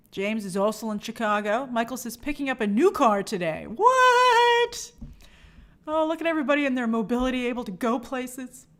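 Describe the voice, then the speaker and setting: Woman host, fairly high and very lively voice, chatty live-stream banter reading out viewer comments. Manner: reads viewer comments aloud and answers them chattily; animated, bubbly sign-offs. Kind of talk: casual livestream chat.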